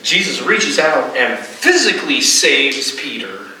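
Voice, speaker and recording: A middle-aged man preaching from a church pulpit, chatty and direct with his congregation. His voice is very bright and sits a little high. He is caught from some distance in a strongly echoing sanctuary. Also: very animated, unhurried, slight background noise. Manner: conversational, often asks the congregation "right?". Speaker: pastor. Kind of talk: sermon. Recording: roomy hall, distant mic.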